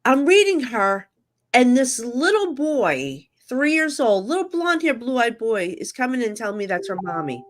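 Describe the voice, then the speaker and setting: A woman's voice: fairly high pitch, sing-song, normal speed. A middle-aged woman, a psychic medium guest, telling emotional stories candidly in casual chat. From New Jersey. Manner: candid, emotional storytelling with frequent fillers.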